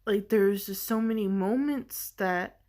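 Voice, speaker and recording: A woman shares a deeply personal story on her vlog at an unhurried pace. She talks in a halting, searching way, filling pauses with "like" and "you know." Her tone is earnest and emotional. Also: darkish tone. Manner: halting and searching, heavy use of "like". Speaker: vlogger.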